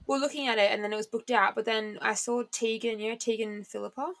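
Gravelly young woman. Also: a little high, quick pace, no room sound. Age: 20s. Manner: animated storyteller, swears casually, many fillers. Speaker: podcast co-host. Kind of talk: casual chat.

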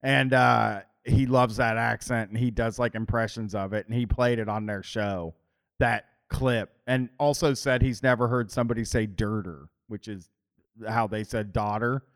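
A man's voice: mid-range voice, fairly even intonation, moderate pace. A man co-hosting a podcast, hesitant in casual chat, with many fillers, then reading out a news story. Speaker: podcast co-host.

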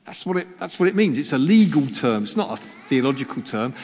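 A man's voice: mid-range voice, very animated, a little fast, darkish tone, a little hiss or hum. A male preacher giving a chatty sermon, teasing the congregation and poking fun at himself. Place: church hall. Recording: long reverb of a church hall.

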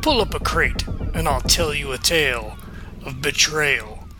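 A man putting on the voice of an old pirate spinning sea tales, in a slow growling storyteller drawl. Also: a little high, over music, voice pushed down, close to an everyday voice. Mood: menacing, theatrical.

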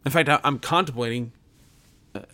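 A man's voice: medium pitch, fairly quick, pushed and bright. Earnest preaching man, emphatic. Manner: emphatic, repeats phrases, stumbles and restarts. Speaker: pastor and podcaster.

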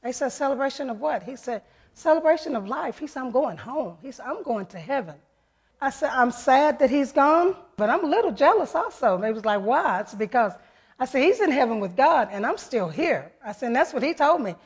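A woman's voice: high voice, big pitch swings, a little fast, husky. A woman giving an earnest, heartfelt personal testimony to her church, retelling events through many quoted voices. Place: church service.

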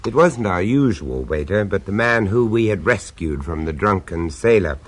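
A man's voice: low voice, sing-song, normal speed, a little hiss or hum. A man narrating and acting in a radio drama, mild and polite, a little hesitant in dialogue.

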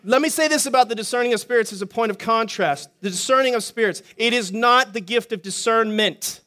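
Middle-aged male pastor, high voice, chatty sermon delivery with quick jokes and restarts. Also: pushed and bright. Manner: conversational, joking asides, frequent restarts.

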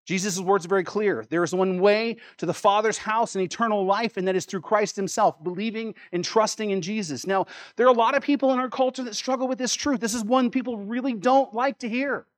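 A man with a fairly high voice preaching a sermon. He is emphatic, repeats key words and asks rhetorical questions. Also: brisk, few pauses. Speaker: pastor.

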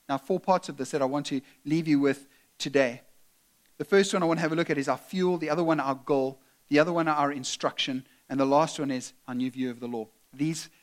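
A man preaching a sermon as pastor, earnest and emphatic, at times dropping to a soft, tender delivery. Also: on the high side.

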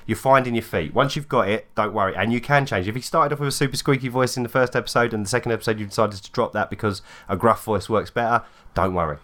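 A man co-hosting a podcast, chatting easily and laughing often. He gives friendly advice at a middling pitch. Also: fast talker, few pauses, a bit bright. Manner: laughing, easygoing. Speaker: podcast co-host. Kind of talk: casual chat.

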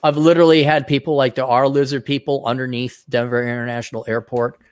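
Halting man reading viewer questions. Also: medium pitch, little pitch movement, smooth, no room sound. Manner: halting, restarts often, laughs easily. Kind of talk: casual chat.

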